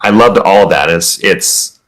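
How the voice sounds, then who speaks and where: A man talking as a podcast guest, candid and self-deprecating, speaking in quick bursts. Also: deep voice, a bit bright, low-quality recording. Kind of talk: casual conversation.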